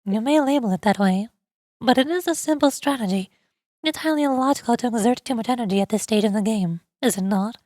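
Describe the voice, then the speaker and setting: A woman voicing a calm, calculating schoolgirl strategist who speaks in a measured, formal way. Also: fairly high pitch, dry recording, close to an everyday voice. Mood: cool calculating. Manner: measured, formal, coolly logical.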